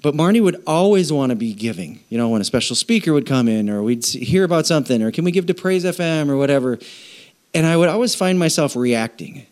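Man, middle-aged, pastor, conversational sermon, joking asides, slightly high voice. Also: animated, quick pace, a little mellow.

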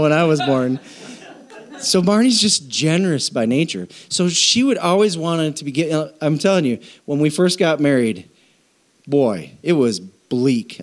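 A middle-aged man preaching a conversational sermon on generosity, with jokes and animated asides. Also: a little high. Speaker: pastor.

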